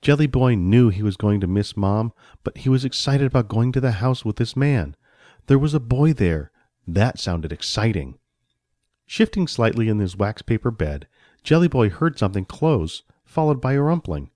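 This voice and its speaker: A man reading a children's story aloud with expressive storytelling. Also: mid-range voice, normal speed, no echo, studio quality. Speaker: narrator.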